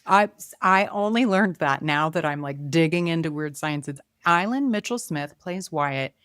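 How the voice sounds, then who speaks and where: A woman hosting a film podcast in a chatty, wandering way, voice a touch low. She muses aloud, trails off and picks her thoughts back up. The sound is close and dry. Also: lively intonation, normal speed, a bit bright, clear, resonant tone, no echo. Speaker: podcast host. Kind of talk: casual film review chat.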